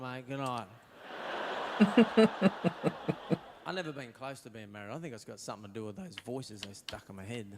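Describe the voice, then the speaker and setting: A man's voice: mid-range voice, long reverb tail, noisy background. A man from Queensland with an Australian accent, doing a stand-up comedy routine of crude stories in which he mimics his parents.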